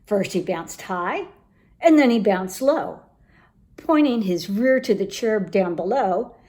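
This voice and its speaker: Reading from a children's picture book, this woman brings the story to life with animated, expressive delivery. Her voice is mid-range and her pace is slow.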